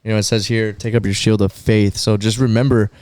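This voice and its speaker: A man's voice: on the low side, little pitch movement, a little fast, a little mellow. A man co-hosting a podcast, talking casually about faith and quoting scripture, often restarting his sentences. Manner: restarts often, quotes Bible verses. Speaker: podcast co-host.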